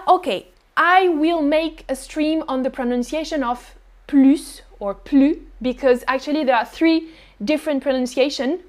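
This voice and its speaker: High-voiced French woman teaching French. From France. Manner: explains patiently, repeats examples slowly. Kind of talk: live-streamed language lesson.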